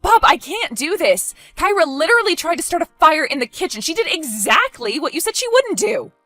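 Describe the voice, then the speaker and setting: A young babysitter in over her head, talking in a frantic, pleading rush. Her voice swings widely, climbing sharply when she feels ignored. Soft music hums behind her in this animated story. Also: on the high side, normal speed, dry recording. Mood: exasperated. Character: anxious young woman babysitting, easily alarmed. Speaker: stepmother-to-be left babysitting.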